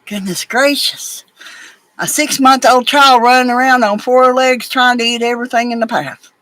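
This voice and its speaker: A woman's voice: fairly high pitch, steady tone, normal speed, fairly bright tone, no room sound, low-quality recording. A woman, chatting casually and rambling as she works on crafts at home, now and then talking to her pets. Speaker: crafting vlogger. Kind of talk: casual chat while crafting.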